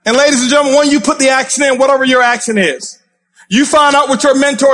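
A man giving a fired-up motivational speech from a stage, intense and passionate, yelling at the crowd. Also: extremely high pitch, fast. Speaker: motivational speaker. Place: stage before a live audience.

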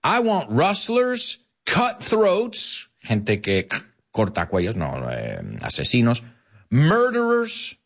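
A man in his forties, a podcast host teaching English, talking in an animated way and acting out quotes. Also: slightly rough. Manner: animated, acts out quotes with big pitch jumps. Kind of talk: bilingual English lesson.

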